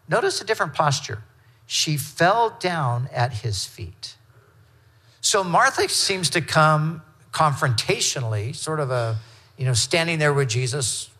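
Guy preaching, earnest and conversational, reads scripture in between, mid-pitched voice. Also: fairly bright tone. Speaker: pastor. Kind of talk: sermon.

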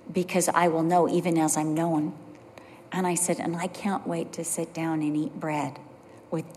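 Woman preacher in a reverberant hall. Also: a little hiss or hum. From California. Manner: animated storytelling, voice drops low and soft for emphasis. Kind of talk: sermon with personal stories.

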